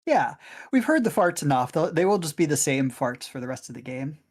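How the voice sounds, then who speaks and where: A man who organized the tournament co-commentates a game stream, explaining things in a rambling, hesitant way. His voice is a little high with big swings in pitch, and he speaks a little fast.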